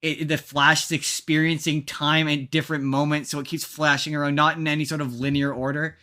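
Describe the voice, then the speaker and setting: A man's voice: a little high, little pitch movement, brisk, bright, forceful tone, clear, resonant tone. A man hosting a casual podcast chat, rambling and restarting his sentences. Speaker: podcast host.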